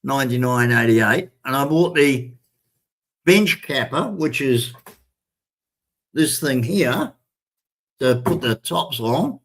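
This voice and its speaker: An older man spinning a casual yarn to camera. His voice sits at an ordinary middle pitch, and he keeps circling back and repeating himself as he talks. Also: animated, takes it slowly, pauses often. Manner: chatty, repetitive, addresses viewers as ladies and gentlemen. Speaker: vlogger.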